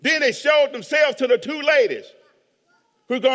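A man preaching a sermon as pastor, animated, acting out voices and swinging between hushed asides and shouts. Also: extremely high pitch, moderate pace. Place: church hall with long reverb. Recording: reverberant hall.

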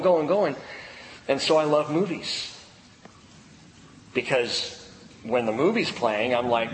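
A man preaching a sermon in a conversational way, dropping to a hush at times and rising to emphatic peaks. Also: mid-range voice, in a large hall, a little hiss or hum, rough recording. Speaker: pastor.

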